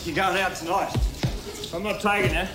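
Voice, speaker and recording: A man's voice: high voice, steady tone, moderate pace, over loud music, close to an everyday voice. An actor playing a young man bickering with his brother in a film scene, in a brash, bantering way. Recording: film clip, roomy, loud score.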